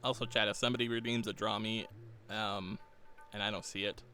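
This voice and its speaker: A man's voice: fairly low pitch, level tone, fairly quick, bright, forceful tone. A man streaming live while he draws, rambling casually, chuckling often and reading chat aloud. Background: faint game soundtrack music.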